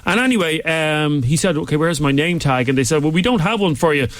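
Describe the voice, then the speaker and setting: A man's voice: a little high, expressive, a bit bright, no echo. A man co-hosting a talk radio phone-in, telling jokey stories. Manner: quick, storytelling, jokey. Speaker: radio co-host.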